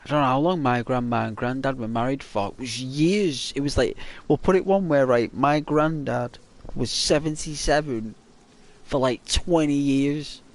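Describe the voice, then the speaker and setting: A man's voice: mid-range voice, moderate pace. A man chatting casually while playing a game, telling rambling anecdotes with frequent chuckles and fillers. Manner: rambling storyteller, chuckles often, many fillers. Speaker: gaming channel host.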